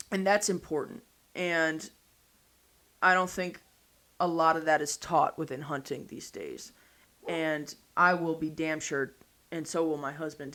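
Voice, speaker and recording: A woman's voice: low-pitched, fairly bright tone. A woman in her thirties, a podcast guest, telling a story in a blunt, casual way and swearing freely.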